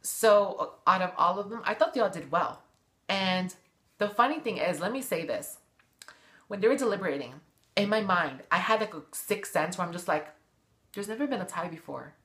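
A woman's voice: mid-range voice, lively intonation, moderate pace, a bit bright. A woman vlogger giving a sassy, gossipy, profane recap of a TV show in casual chat.

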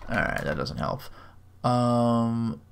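A man reads a text adventure aloud, drawing out each typed command and dropping in dry, wry remarks. His voice sits at an ordinary middle pitch for a man. Faint keyboard typing clicks along behind him. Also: animated, takes it slowly, creaky, a little hiss or hum. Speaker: game video host.

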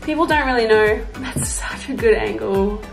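A chatty young Australian woman rambles through a casual home vlog, slightly high-voiced and quick to joke and swear offhand. Her voice rings off the room around her, with music clearly playing in the background. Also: roomy sound. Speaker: vlogger. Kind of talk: casual day-in-the-life vlogging. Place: home, indoors.

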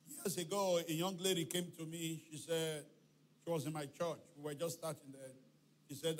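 This church-hall sermon comes from a male pastor whose voice is a little high, delivered at a moderate pace with slight hiss or hum. He tells stories with acted-out dialogue, shouting and chanting refrains along the way.

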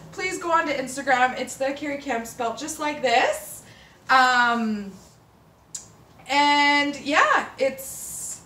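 A woman chatting casually to camera as a fashion vlogger, rambling and emotional, with bursts of excitement. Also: high-pitched, takes it slowly. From Canada. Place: apartment room with door open, city sirens outside. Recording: roomy, mic at a distance. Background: faint city ambience.

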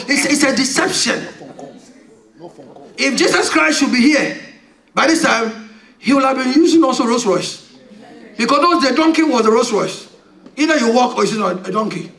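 High-pitched shouting preacher. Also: male voice, far from the mic. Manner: fiery, shouting preacher with call-and-response. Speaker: pastor. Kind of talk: sermon. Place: church. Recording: echoey church hall, mic from afar, congregation.

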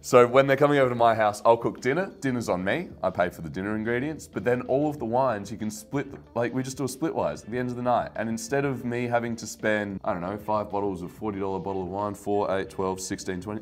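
A man's voice: fairly low pitch, brisk, few pauses, faint music behind. A young man hosting a wine channel, rambling casually and getting worked up, mocking himself as he goes. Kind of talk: casual rant to camera.

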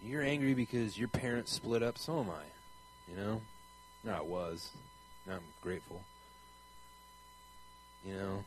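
Earnest man preaching with lively pitch. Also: unhurried, pauses often, a little hiss or hum, low-quality recording. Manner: earnest, questioning, rambling with many fillers. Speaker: traveling Christian preacher. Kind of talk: conversational preaching monologue.

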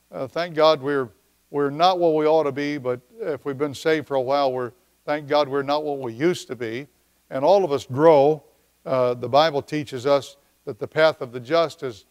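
A man preaching a midweek church sermon, talking in a conversational way with pauses and slowing down to read scripture. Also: a little high, darkish tone. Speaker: pastor. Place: church service.

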